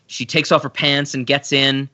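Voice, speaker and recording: Chatty man reviewing a film, bright tone. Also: medium pitch, flat delivery, normal speed. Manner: rambling, restarts, acts out quotes. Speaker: podcast co-host. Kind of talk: casual film review chat. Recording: slightly muffled audio.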